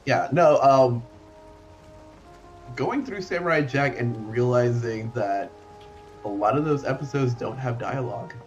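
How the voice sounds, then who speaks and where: A man's voice: mid-range voice, a little slow, long pauses, highs cut off, faint music behind. A man co-hosting a casual gaming stream, chatting and telling stories in an easy, loose way. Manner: chatty, nostalgic storytelling. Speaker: stream co-host.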